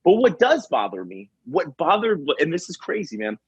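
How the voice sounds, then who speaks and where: A man who works as a firefighter telling work stories on a podcast, animated and slangy, acting out what people said. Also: a little high, moderate pace, slightly rough, no echo. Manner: animated storyteller, acts out quotes, says bro and man a lot. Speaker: firefighter and comedy video creator, guest. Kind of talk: casual podcast storytelling. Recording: dull lo-fi sound.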